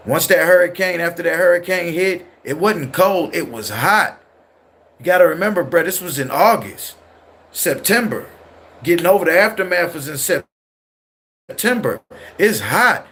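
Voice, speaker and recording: Chatting aimlessly with his stream viewers, this host mixes Southern slang into a California accent; his voice is slightly high and fairly bright, with vocal fry.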